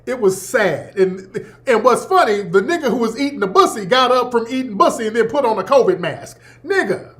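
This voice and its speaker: A man's voice: extremely high pitch, lively intonation, a little fast, few pauses. A man hosting his own show, giving emphatic, profane, preachy commentary in a casual way. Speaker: host.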